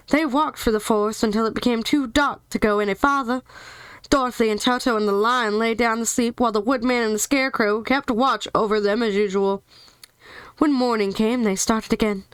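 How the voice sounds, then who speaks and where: A woman's voice: fairly high pitch, steady tone, fairly quick, smooth, no room sound, low-quality recording. A woman reading a children's novel aloud for her channel, chatty with little asides between passages. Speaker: storyteller, channel host.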